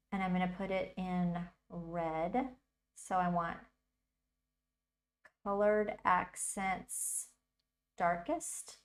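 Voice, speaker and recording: Chatty woman thinking aloud in tutorial. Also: fairly low pitch. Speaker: tutorial host. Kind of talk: casual livestream tutorial.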